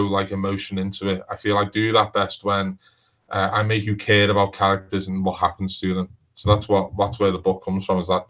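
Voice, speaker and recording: A man's voice: on the low side, a bit bright, poor audio. A man with a Liverpool accent talking in a casual interview as a crime author, rambling and restarting sentences with lots of "you know". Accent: Liverpool (Scouse). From Liverpool, England.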